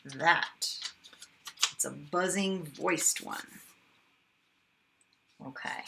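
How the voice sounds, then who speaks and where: A kindergarten teacher, a woman, sounding out words slowly and with exaggeration for young children in a phonics lesson. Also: fairly low pitch, steady tone, pushed and bright, slight background noise.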